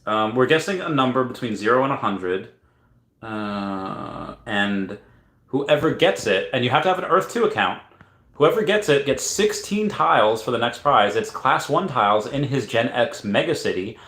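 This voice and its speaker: A man's voice: medium pitch, animated, moderate pace, a bit bright. A man hosting a casual livestream giveaway, playfully reading viewer comments aloud and now and then breaking into silly singing. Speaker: livestream host running a chat giveaway. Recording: echoey room.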